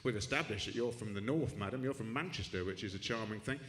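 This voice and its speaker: Low-voiced dry stand-up comic. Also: male voice, fast talker, a bit bright. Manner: dry, rambling, self-deprecating asides with many restarts. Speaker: stand-up comedian. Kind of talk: stand-up comedy set. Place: comedy club stage with live audience. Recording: echoey club room with audience noise.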